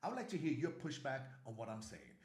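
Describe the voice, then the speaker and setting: A man's voice: medium pitch, huge pitch swings, fast, darkish tone, roomy sound. A middle-aged man with a New York accent, speaking bluntly to camera and repeating his warnings for emphasis. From New York, USA. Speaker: travel vlogger. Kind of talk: casual direct-to-camera warning talk.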